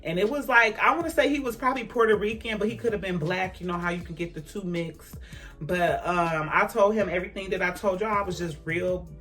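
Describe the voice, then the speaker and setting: A woman vlogger telling a personal story in a casual storytime, emphatic and animated, talking straight to her viewers. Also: on the low side, fairly quick, faint music behind.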